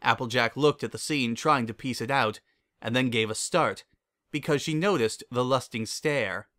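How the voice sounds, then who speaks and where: Guy reading a fan fiction story out loud, even and measured narration. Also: medium pitch.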